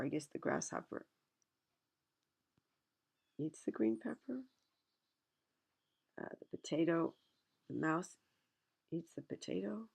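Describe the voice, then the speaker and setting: Gravelly woman reading a picture book. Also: low-pitched. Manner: chatty asides between read passages. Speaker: reader.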